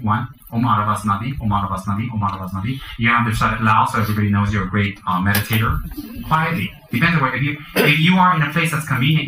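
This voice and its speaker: A man's voice: medium pitch, bright, forceful tone, echoey room, slight background noise, low-quality recording. A man, a Buddhist teacher, giving a dharma teaching to a group, chanting mantras and explaining the practice with joking asides.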